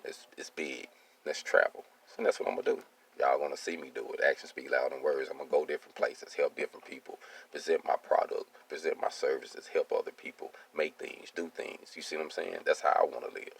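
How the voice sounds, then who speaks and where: Man: a very low voice with gravel in it, casual and streetwise, keeps checking in with the listener. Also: brisk. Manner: streetwise, keeps asking "you see what I'm saying". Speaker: welding business owner. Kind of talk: casual personal monologue.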